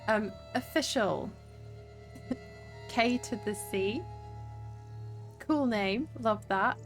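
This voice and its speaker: A woman's voice: a little high, drawn-out words, faint music behind. A young woman with a southern English accent, streaming a game and chatting to viewers, chatty and sweary with frequent laughs. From southern England. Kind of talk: casual gaming livestream chat.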